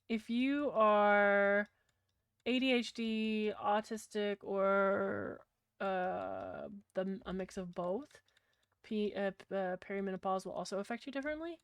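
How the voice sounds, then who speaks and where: A British woman rambles to her stream chat in a blunt, profanity-laced way. Her voice is smooth and resonant at a middling pitch. The sound is close and dry, with no room around it. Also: fairly bright tone, no echo. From Britain. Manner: blunt, sweary, rambling, chatting to her viewers. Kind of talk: casual livestream chat.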